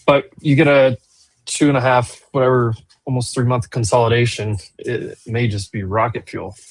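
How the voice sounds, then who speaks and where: A man's voice: mid-range voice, little pitch movement, normal speed, no echo, poor audio. A man co-hosting a live trading stream in casual chat, who often halts and restarts mid-thought.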